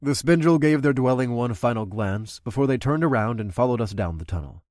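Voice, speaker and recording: A man's voice: medium pitch, animated, brisk, darkish tone, no echo, studio quality. A man narrating an adult fantasy audiobook, doing the main character's dialogue himself.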